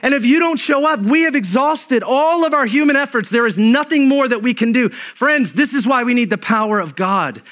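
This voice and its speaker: High-voiced preaching man. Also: normal speed, hardly any pauses. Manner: animated preaching with scripture reading and asides. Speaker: pastor. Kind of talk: sermon.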